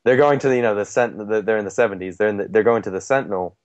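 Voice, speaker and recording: Lower-voiced man on a dull dry mic. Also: darkish tone, dry recording. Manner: agreeable, quick laughs, frequent "yeah". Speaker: podcast co-host. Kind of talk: casual movie chat.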